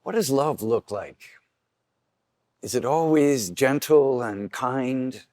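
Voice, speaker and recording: A man's voice: slow pace, darkish tone, no room sound. Earnest man preaching a homily. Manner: earnest preaching, acts out quoted voices with rising pitch. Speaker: priest.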